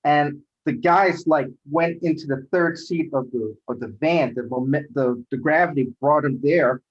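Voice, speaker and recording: A middle-aged man, a rideshare driver, telling a story in casual chat, animated and acting out quoted voices. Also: on the high side, normal speed, a little hiss or hum. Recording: dull lo-fi audio.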